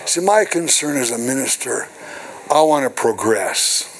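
A man's voice: medium pitch, expressive, measured pace, a little hiss or hum, poor audio. An older man, a minister, preaching a sermon to his congregation, reading scripture and then explaining it with call-and-response asides. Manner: call-and-response preaching with repeated "hello" and "right". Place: church.

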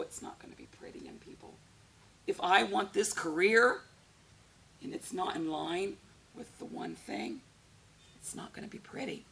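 A woman preaching with a heavily gravelly, creaky voice. She talks to her congregation conversationally and keeps asking them questions as she goes. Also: mid-range voice, a little hiss or hum. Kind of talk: sermon.

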